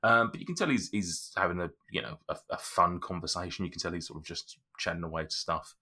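A man's voice: low-pitched, fast, pushed and bright, slightly rough. A man narrating as game master, hesitant and full of restarts.

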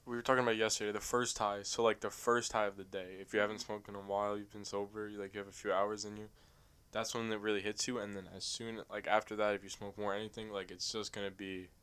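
A man's voice: lowish voice, little pitch movement, quick pace, fairly bright tone, clean tone. A young man talking as a guest on a podcast, loose and rambling, with plenty of fillers. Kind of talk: casual chat.

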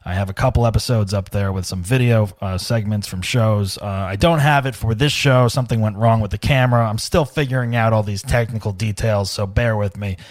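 Male podcast host, low voice, dry close sound, rambling casual delivery. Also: fairly quick, few pauses, no echo. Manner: rambling, lots of fillers, joking. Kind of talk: casual chat. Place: home studio.

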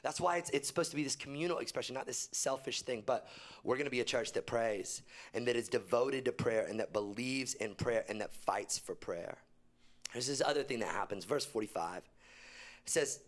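A young man preaching a sermon to his church, animated, often jumping high and loud for emphasis and dropping low and quiet when he quotes. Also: moderate pace. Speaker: pastor. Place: church auditorium.

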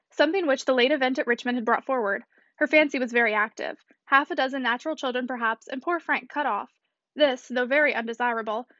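A woman reading a classic novel aloud as an audiobook, fluent and brisk. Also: sits high, a bit bright, dry recording, dull audio. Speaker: audiobook reader.

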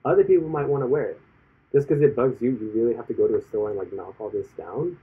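Husky man, rambling chat, tinny audio. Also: mid-range voice, quick pace. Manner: rambling, frequent "like" fillers, recounts stories with quoted voices. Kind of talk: casual chat.

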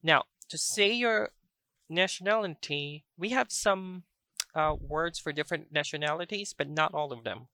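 A teacher, patiently explaining a language lesson and repeating example phrases slowly. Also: medium pitch, bright, forceful tone, dry recording, clean studio sound. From Philippines.

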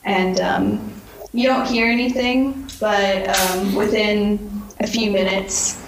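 A woman's voice: medium pitch, steady tone, slow, background noise. A woman narrating as game master, descriptive with many ums. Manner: filler-heavy, descriptive. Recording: echoey room.

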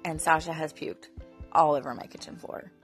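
Chatty lower-voiced woman vlogging. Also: fairly even intonation, moderate pace, faint music behind. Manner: chatty, rambling, filler-heavy. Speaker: mother and Daisy troop leader. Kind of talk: casual storytelling vlog.

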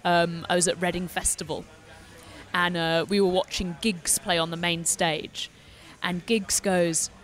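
A British woman hosting a relaxed podcast conversation. She tells anecdotes with lively, animated energy. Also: on the low side, a little slow. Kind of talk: casual podcast chat.

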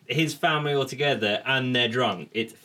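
A man's voice: mid-range voice, moderate pace, noisy background. A man talking in a laid-back, casual way and swearing easily. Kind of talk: casual chat.

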